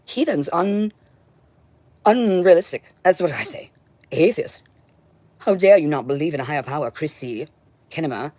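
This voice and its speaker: A woman's voice: low-pitched, expressive, moderate pace, pauses often, dark tone, no echo. A woman streaming alone, talking in an intense, profane ramble of short broken phrases. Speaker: livestreamer. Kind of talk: rambling solo livestream monologue.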